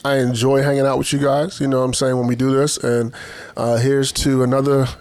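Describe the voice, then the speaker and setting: A man's voice: mid-range voice, little pitch movement, a little fast, darkish tone, no echo. A man co-hosting a podcast, speaking reflectively and appreciatively, with jokes in between, in casual group chat. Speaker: podcast co-host.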